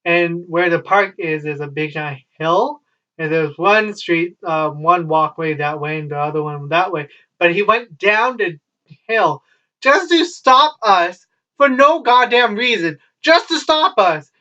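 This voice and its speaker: A young man vlogging at home, a child nearby, tells casual stories in a high, bright, forceful voice, animated but a little slow. He rambles with wry asides and lots of swearing, and the sound is dull lo-fi, captured from a distance.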